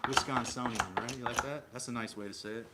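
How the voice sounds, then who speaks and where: A man from Minnesota hosts a relaxed livestream in a mid-range voice, talking loosely and circling back on himself as he answers his viewers. Loud background noise and clicking run under his voice throughout. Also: medium pitch, quick pace. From Minnesota, USA. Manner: rambling, answers chat aloud, many fillers and restarts. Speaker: livestream host. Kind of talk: casual livestream chat with viewers.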